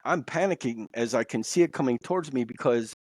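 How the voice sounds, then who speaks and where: A man's voice: medium pitch, lively intonation, fairly quick, darkish tone, no room sound. A man telling a personal story as a podcast guest, rambling and repeating words as he goes. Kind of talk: casual storytelling. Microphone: podcast mic.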